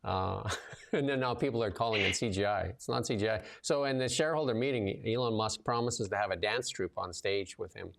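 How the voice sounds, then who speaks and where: A fairly low male voice with vocal fry moves a little fast as he hosts a casual livestream chat. He works as a show host and commentator, talkative and loose, peppering his lively stories with fillers.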